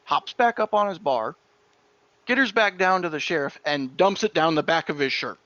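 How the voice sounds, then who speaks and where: A man's voice: on the high side, lively intonation, normal speed, fairly bright tone, no room sound, lo-fi sound. A man acting as dungeon master, narrating a tabletop game in a loose, chatty storytelling manner.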